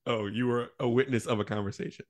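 A man's voice: mid-range voice, steady tone, quick pace. A man hosting a gaming podcast in casual chat, laid-back and laughing often. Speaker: podcast host.

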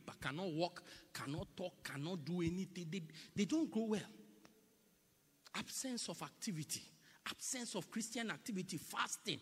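High, lively preacher in an echoing hall. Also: male voice, breathy edge. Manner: emphatic, repetitive, mocking impressions. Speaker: pastor. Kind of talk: sermon. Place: church. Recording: long reverb in a large hall.

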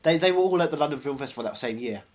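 A man's voice: on the high side, lively intonation, racing. A man co-hosting a podcast, chatting about films in a dry, sarcastic, joking way. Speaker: podcast co-host. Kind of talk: casual film chat.

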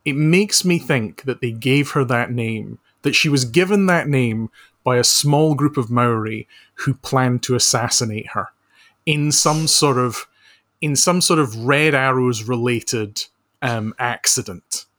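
A man speaking as a podcast guest over a remote call, chatting in a dry, deadpan, mock-serious way. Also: medium pitch, measured pace. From Scotland. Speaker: podcast guest, author and social researcher. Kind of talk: casual comedic chat.

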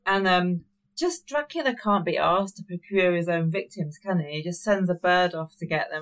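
A woman's voice: fairly low pitch, normal speed, poor audio. A woman talking casually about films in a dry, scornful manner. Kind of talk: casual film-review chat.

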